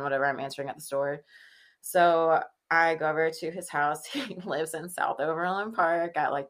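Woman, thirties, from the Kansas City area, podcast guest, low voice, chatty, laughs often, acts out quotes. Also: a bit bright. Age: 30s. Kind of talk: casual storytelling chat.

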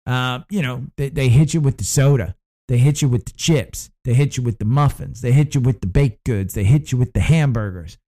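A man's voice: mid-range voice, a little fast, warm tone. A man from the United States hosting a casual stock market show, rambling through his picks with lots of fillers and restarts.

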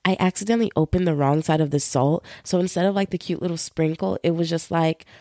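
Young female podcast host, solo chat. Gravelly, dark-toned, dry close sound. Slangy and animated. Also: lowish voice, quick pace, no room sound. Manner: chatty, slangy, animated storytelling. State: feeling run-down.

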